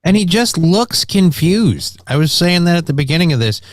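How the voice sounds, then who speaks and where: A man co-hosting a morning talk show, trading wry, deadpan quips in joking banter. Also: a little high, moderate pace, no room sound. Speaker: co-host.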